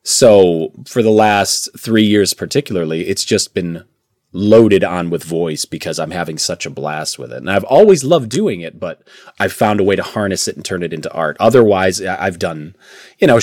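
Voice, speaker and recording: A man's voice: low-pitched, a little mellow, dry recording, clean studio sound. A young man from Indiana, a voice actor, chatting casually in an interview and laughing often between phrases. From Indiana, USA. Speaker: voice actor guest.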